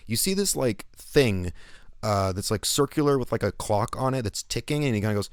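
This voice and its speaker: A man's voice: mid-range voice, brisk, smooth, no echo, clean studio sound. A man narrating as game master of an online tabletop game, rambling with lots of fillers.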